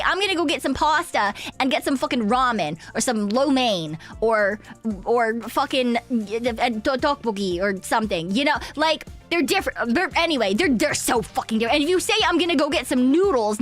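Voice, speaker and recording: Streaming a game, a young woman from Canada talks in a high voice with a fairly bright tone. It's loose, casual gaming chat: she wanders through a story with plenty of swearing and giggles.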